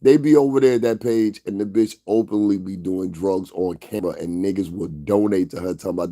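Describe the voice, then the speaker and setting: Man, somewhat low voice, profane rambling livestream rant, drawn-out emphasis. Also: dark tone. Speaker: livestream host.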